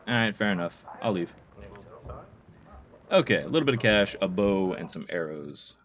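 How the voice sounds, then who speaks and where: A man's voice: low voice, expressive, normal speed, long pauses, fairly bright tone. A man giving casual, chatty commentary while playing a video game, with amused asides. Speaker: let's play host.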